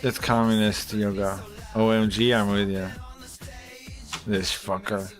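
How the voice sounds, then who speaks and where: A man's voice: fairly low pitch, flat delivery, unhurried. A man streaming live, chatting casually and rambling to his chat, with mild swearing and many fillers. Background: faint music.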